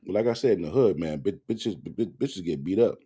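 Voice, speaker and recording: A man's voice: sits low, lively intonation, fairly quick, warm tone, breathy edge. A man giving blunt, profane commentary to camera, rambling with restarts.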